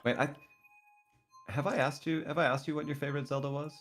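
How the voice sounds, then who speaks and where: A man guesting on a gaming stream, chatting casually with animated, giggly reactions. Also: on the high side, quick pace, soft background music. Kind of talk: casual chat while gaming.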